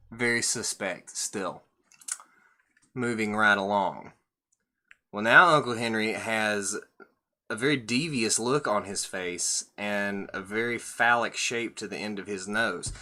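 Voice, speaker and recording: A man's voice: on the low side, pushed and bright. A man reading a picture book aloud and joking about it with irreverent, profane commentary. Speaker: storyteller host.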